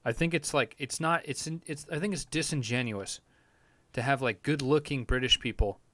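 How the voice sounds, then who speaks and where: A man's voice: medium pitch, normal speed, fairly bright tone, dry recording. A man with a mid-range voice rambles through a crude, self-amused podcast rant, swearing freely. The sound is close and dry, with no room on it. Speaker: podcast host. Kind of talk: casual crude comedic rant.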